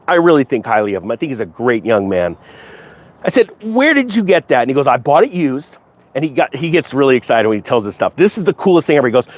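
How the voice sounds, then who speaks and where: Lively, rambling middle-aged male host. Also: a little high. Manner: rambling, jokey, jumps between topics. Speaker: finance YouTuber host. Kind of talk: casual commentary to a live chat.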